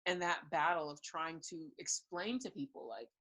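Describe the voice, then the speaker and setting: Low-voiced young woman telling her story. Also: moderate pace, fairly bright tone, rough recording. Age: young adult. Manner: earnest, frank, laughs between thoughts. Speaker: guest. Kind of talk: candid personal testimony in an interview.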